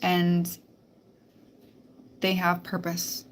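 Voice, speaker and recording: A woman's voice: lowish voice, monotone, extremely slow, a little hiss or hum. A woman hosting a spiritual live stream, talking bluntly and emphatically with plenty of swearing. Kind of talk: casual live-stream monologue.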